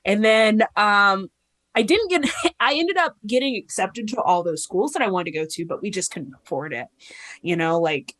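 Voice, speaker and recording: A woman's voice: medium pitch, animated, moderate pace, fairly bright tone, no room sound. A woman in her thirties, a podcast guest telling her story in a candid, rambling way and acting out the voices she quotes. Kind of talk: casual interview storytelling.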